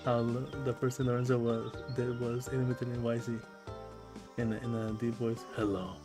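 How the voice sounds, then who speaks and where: A man's voice: medium pitch, moderate pace, music in the background. Laid-back man chatting on stream. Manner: relaxed, laid-back, fills in with "you know". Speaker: co-host friend. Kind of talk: casual chat.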